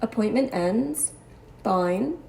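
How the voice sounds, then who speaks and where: A woman's voice: medium pitch, lively intonation, slow pace, gravelly, warm tone. A woman telling her own story as a patient in a personal monologue, articulate and precise, with a wry, exasperated edge. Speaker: cancer patient sharing her experience.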